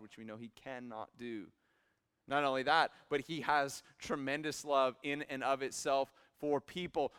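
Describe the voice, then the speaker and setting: A young man in his twenties preaching a sermon in a church, swinging from quiet asides to loud emphatic peaks. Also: mid-range voice, clear, resonant tone. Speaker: pastor. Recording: hall reverb.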